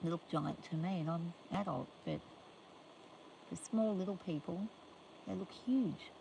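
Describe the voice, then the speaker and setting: A woman's voice: lowish voice, a little slow, vocal fry, dark tone, a little hiss or hum, low-quality recording. An older woman livestreaming from her farm in a chatty, rambling way, talking to viewers and scolding her animals playfully. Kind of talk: casual livestream chat. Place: outdoors on a farm.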